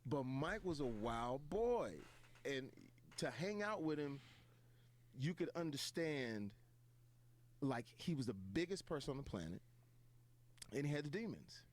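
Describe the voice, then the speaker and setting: A comedian telling stories on stage, acting out the people in them. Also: male voice, fairly high pitch, a little slow, long pauses. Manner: animated, acts out quotes. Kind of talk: comic storytelling on stage.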